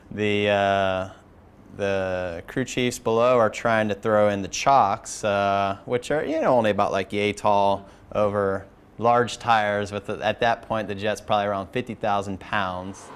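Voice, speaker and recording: A man from the aircrew recalling an incident in an interview, speaking haltingly with many fillers. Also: fairly low pitch, fairly even intonation, clean tone. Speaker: aircrew member recounting an incident. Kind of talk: interview recollection.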